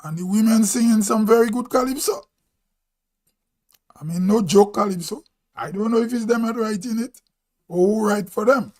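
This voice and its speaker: A man's voice: high-pitched, darkish tone. A man from Grenada with a Grenadian accent, talking casually on a live stream and musing aloud as he goes. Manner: slow, musing, thinking aloud. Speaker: vlog host.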